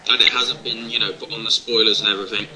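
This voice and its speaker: A man's voice: lowish voice, steady tone, quick pace, a crowd in the background, low-quality recording. A man co-hosting a casual wrestling webcast, hesitant, trailing off and restarting as he gives his opinions. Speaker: co-host. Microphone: webcam mic.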